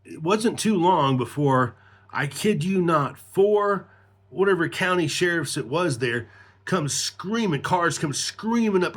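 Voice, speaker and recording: A man's voice: on the high side, animated, measured pace, a bit bright. A middle-aged man telling a rambling, profane personal story in casual talk, laughing as he goes.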